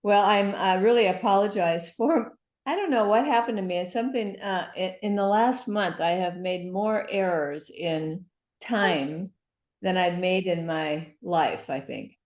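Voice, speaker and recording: A woman's voice: mid-range voice, measured pace, a little mellow. A woman guest on a video call, talking in a chatty, rambling, apologetic way. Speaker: guest speaker. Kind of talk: casual chat. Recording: roomy echo.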